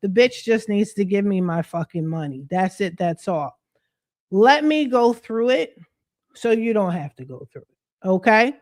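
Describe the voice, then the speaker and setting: A woman's voice: medium pitch, animated, measured pace, darkish tone. Woman coach, livestream rant, blunt and profane, slangy, speaks straight to camera. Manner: blunt, profane, fired-up venting; streetwise slang, addresses viewers directly. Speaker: credit repair coach.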